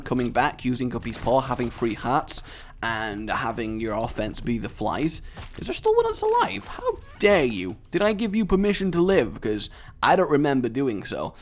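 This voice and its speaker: A man giving sarcastic, self-mocking commentary over a game he is playing. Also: a little hiss or hum. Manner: sarcastic and self-mocking, jumping into high squeaky bits. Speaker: gaming commentator. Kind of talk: let's-play commentary.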